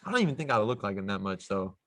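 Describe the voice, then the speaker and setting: A man's voice: fairly low pitch, very animated, very fast, slight background noise. A young man, a pro basketball player, casually telling a story on a podcast in a laid-back, slangy way with lots of fillers.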